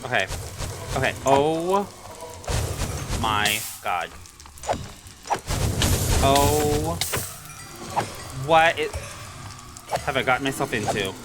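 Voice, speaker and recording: A game creator narrating their own play in an unhurried, drawn-out way, with a voice that leaps up and drops down. They grumble, scold the mobs on screen and let out mild curses. Music plays clearly underneath. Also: medium pitch, animated. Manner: exasperated, talks to the game mobs, swears mildly. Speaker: Minecraft let's-play creator. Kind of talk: live gameplay commentary.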